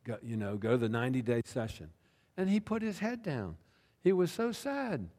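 Male pastor, sermon storytelling, animated intonation, conversational asides, self-deprecating humor. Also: mid-range voice, normal speed. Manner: conversational, with frequent "right?" and "you know" asides.

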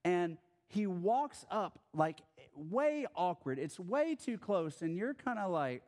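A man's voice: sits high, big pitch swings, slow, few pauses, darkish tone. A man preaching a sermon as a pastor, telling the story in a casual, conversational way and acting out the scenes.

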